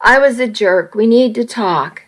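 A woman reading the lines of a grown man, a boyfriend who is moody at first and then tender, in a flat, unhurried way. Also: a little high, voice pushed up. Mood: apologetic.

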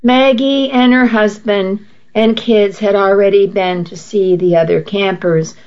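A woman narrates a first-person story at an unhurried pace, measured and a little halting at times. Her voice sits mid-range, and the recording sounds dull and lo-fi. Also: medium pitch, steady tone, darkish tone. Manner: measured, with small restarts.

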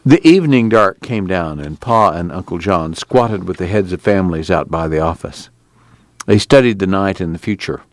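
A man narrating an audiobook with expressive storytelling. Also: deep voice, no echo.

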